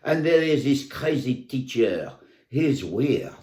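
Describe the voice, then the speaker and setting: Man playing an exasperated French mum, fake French accent, slow and put-upon, roomy sound. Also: mid-range voice, very animated, a little mellow. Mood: indignant. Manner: exasperated, incredulous complaining. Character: indignant middle-aged French mother, baffled by English ways. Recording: echoey room.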